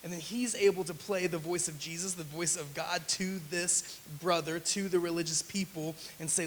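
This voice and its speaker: A man's voice: on the high side, steady tone, normal speed, few pauses. Brief: male pastor, sermon in a church sanctuary with long reverb, faint hiss, emphatic delivery. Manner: retells scripture with acted quotes, emphatic.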